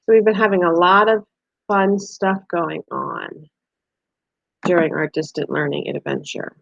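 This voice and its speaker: A woman teacher giving a gentle distance-learning lesson to young children, explaining picture cards and reading aloud. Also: on the low side, unhurried, vocal fry, no echo, lo-fi sound.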